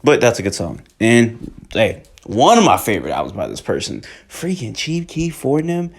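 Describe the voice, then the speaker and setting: A young man talking casually and excitedly about music as a reviewer, rambling in slang. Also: mid-range voice, moderate pace, vocal fry. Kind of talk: casual chat.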